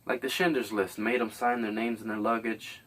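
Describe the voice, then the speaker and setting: A man's voice: on the low side, flat delivery, moderate pace, a bit bright, recorded from a distance, a little hiss or hum. A man hosting a podcast, delivering a rambling, blunt, profane comedic monologue. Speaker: podcast host.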